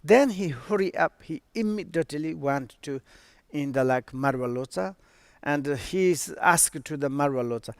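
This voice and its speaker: A man telling a story as a Buddhist teacher, in halting with many fillers. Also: on the high side, lively intonation, smooth, dry recording. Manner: halting non-native English with fillers. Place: online stream.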